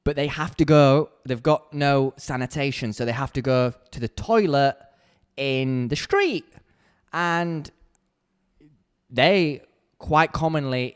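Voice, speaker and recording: A young man hosts a solo podcast from a small corner of his home, speaking bluntly and candidly and getting heated when he rants. His voice is medium-pitched, clear, and resonant.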